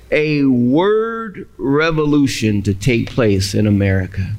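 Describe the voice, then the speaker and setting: A male pastor preaching a sermon with dramatic pauses. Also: a little high.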